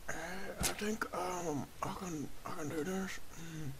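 A young man giving goofy, excitable let's play commentary, often shouting. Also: high-pitched, a little slow, creaky, very noisy. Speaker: gaming video host.

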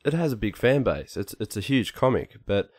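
A man co-hosting a podcast, explaining things casually in a halting way with many fillers. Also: lowish voice, lively intonation, darkish tone. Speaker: podcast co-host, artist.

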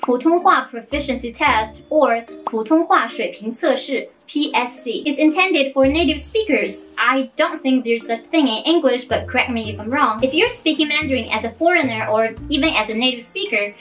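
A woman's voice: high voice, normal speed, hardly any pauses, fairly bright tone, low-quality recording. A woman with a Chinese accent, a native Chinese speaker, giving a cheerful scripted tutorial as a Mandarin teacher. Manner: cheerful, explanatory. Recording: faint background music.

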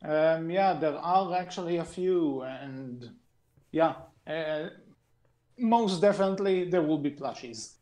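A man's voice: fairly high pitch, slow pace, a little mellow. A man co-hosting a casual podcast, chatting in a rambling, hedging way as he shares his thoughts. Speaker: podcast co-host.

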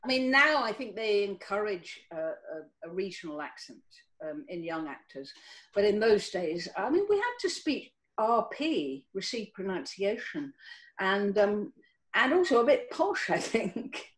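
Older woman from Cornwall, animated storytelling voice, video call interview. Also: unhurried, poor audio. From Cornwall, England. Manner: warm storytelling with lively pitch, many restarts. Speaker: actress guest.

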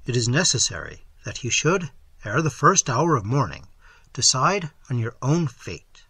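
A man reading an audiobook, voicing a mysterious all-knowing sage who speaks slowly and solemnly. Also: medium pitch, sing-song, bright, forceful tone, husky, no echo, heavily acted. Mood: grave. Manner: slow, solemn, measured.

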